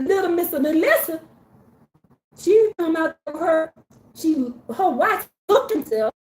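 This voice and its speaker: Woman, high voice, casual faith talk to her group, animated and preachy, lots of slang and repetition. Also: echoey room. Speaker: faith community speaker.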